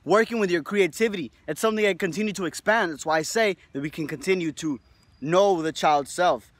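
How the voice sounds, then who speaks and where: Casual high-voiced young man rambling. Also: fairly quick, no room sound. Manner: rambling, profane, lots of "right?" tags. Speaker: video host. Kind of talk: casual motivational monologue.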